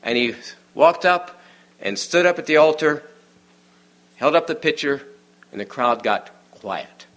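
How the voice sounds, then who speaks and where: A man giving a sermon in a conversational, storytelling way, often dropping to a hush for the quiet moments. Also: a little high, expressive, a little slow, long pauses. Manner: many restarts and fillers, informal aside. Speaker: preacher.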